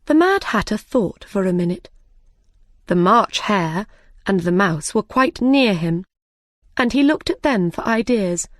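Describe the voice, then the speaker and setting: A woman reads a storybook aloud at a slow, careful pace. Her voice sits in a middle pitch, and the sound is dry and close. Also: dry recording.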